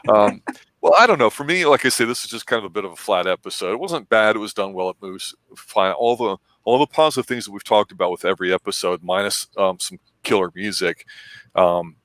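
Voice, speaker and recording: Low-voiced man in a dry, close recording. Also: a little fast, fairly bright tone, dry recording. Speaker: podcast co-host reviewing TV episodes. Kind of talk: casual review chat.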